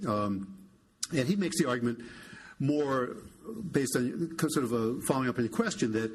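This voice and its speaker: Older American historian, halting and wry. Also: male voice, mid-range voice, slight background noise. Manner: hesitant, many restarts, wry. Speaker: historian guest. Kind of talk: conversational public interview.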